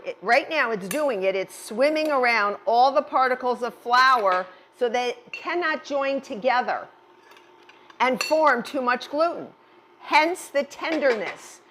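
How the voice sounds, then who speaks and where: A woman's voice: a little high, a bit bright, a little hiss or hum. A middle-aged woman chef giving a cooking demonstration, chatty and reassuring, often repeating words for emphasis.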